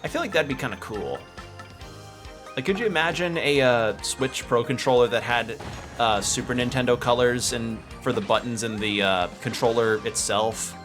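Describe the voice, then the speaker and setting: A man with a mid-range voice streams a video game at a moderate pace, chatting casually and rambling as he comments on play. He swears now and then, and game music plays behind him.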